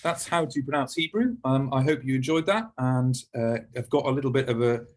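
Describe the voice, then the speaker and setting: A man giving a recorded pronunciation lesson, patient and encouraging, slowing down to model each word for learners. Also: mid-range voice, animated. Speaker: Hebrew teacher.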